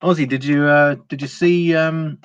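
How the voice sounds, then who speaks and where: A man with a slightly high, clear, resonant voice speaks at a moderate pace with fairly even intonation. He hosts a casual live stream, reading viewer comments aloud and answering them, often with fillers and restarts. The recording sounds dull and lo-fi, with a faint hiss.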